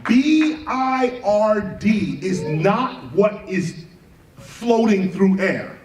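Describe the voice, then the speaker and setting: A man lectures an audience, firing rhetorical questions and spelling words out letter by letter for emphasis. His voice sits high and is a little mellow, with lively intonation at an extremely slow pace. The roomy, distant live recording has faint ambience and faint music behind.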